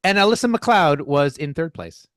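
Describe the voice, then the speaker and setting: Casual podcast co-host, male, playful and excitable, lively pitch, higher voice, dry close sound. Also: moderate pace, dry recording. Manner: playful, excitable, stumbles over names.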